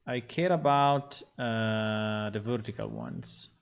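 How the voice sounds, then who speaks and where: Slow-talking man streaming his game work. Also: lowish voice, clear, resonant tone. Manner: rambling, talks to himself, gets frustrated and swears. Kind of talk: casual livestream commentary.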